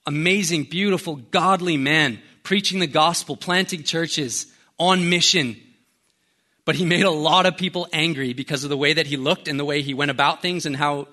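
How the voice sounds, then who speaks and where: A young man preaching a casual, story-driven sermon. His voice is bright and sits a touch high, lively and full of slang. He moves freely between jokes and earnest points. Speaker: pastor. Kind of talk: conversational sermon.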